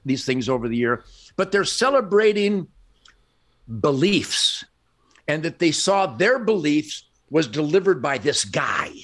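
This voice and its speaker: A man's voice: a little high, fairly bright tone. An older man, a podcast guest, telling stories in an emphatic, boastful way and laughing often. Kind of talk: animated storytelling in conversation.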